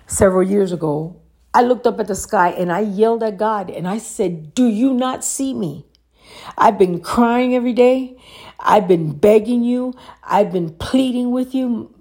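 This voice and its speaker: A woman's voice: mid-range voice, vocal fry, darkish tone, breathy edge. A woman giving an earnest motivational talk, asking the listener pointed questions. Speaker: motivational speaker.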